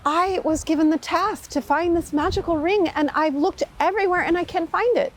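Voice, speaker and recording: A woman's voice: very high voice, normal speed, slight background noise, voice pushed up, rough recording. A woman voicing a humble, anxious male servant who speaks earnestly and apologetically. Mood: apologetic.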